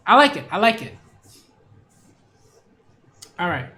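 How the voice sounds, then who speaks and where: A man's voice: very high voice, very animated, normal speed, pauses often, fairly bright tone, reverberant, a little hiss or hum. A man reviewing manga in a casual read-along, rambling with many fillers and restarts.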